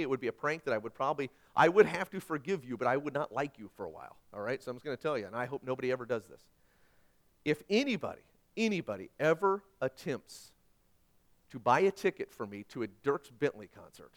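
A middle-aged man preaching a sermon as pastor, animated and self-deprecating, swinging between loud asides and hushed points. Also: fairly high pitch.

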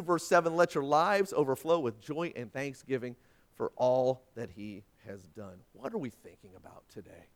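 A man preaching a sermon, telling stories and acting out the voices in them. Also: high voice. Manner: animated storytelling, acts out quoted voices. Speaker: pastor. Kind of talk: sermon with anecdotes.

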